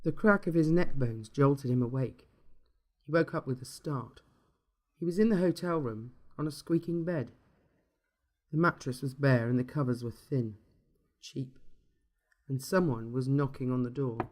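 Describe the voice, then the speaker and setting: A man reading a dark short story aloud in a steady, measured storytelling manner. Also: medium pitch. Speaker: narrator.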